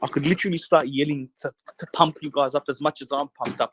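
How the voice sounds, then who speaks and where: A young man hosts a loose live show with a lot of energy, quick to get pumped up and close to yelling. His voice sits a bit high for a man. The sound is dry and close, with no room around it. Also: breathy edge, no room sound. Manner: excitable hype, says he gets pumped and could start yelling. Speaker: podcast host. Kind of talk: casual live talk show.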